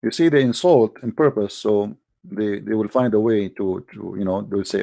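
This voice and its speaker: A man's voice: fairly low pitch, lively intonation, normal speed, gravelly, dark tone. A man hosting a heated religious debate in non-native English, combative and mocking, often repeating himself. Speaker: debate show host.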